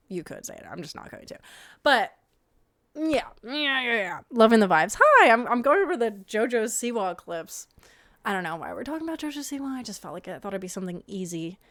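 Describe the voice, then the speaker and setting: A young woman riffing casually over reality show clips on a home stream, swearing freely and sliding into quiet mumbled asides. Her voice sits in a middle range and is recorded close and completely dry, with no room sound at all. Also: mid-range voice, no echo. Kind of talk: casual reaction commentary.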